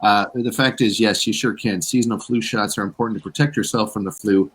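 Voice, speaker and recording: A man co-hosting an online town hall, passing along news items in a relaxed, chatty way with fillers over a video call. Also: on the low side, brisk, slightly rough. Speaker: co-host. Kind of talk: casual news rundown.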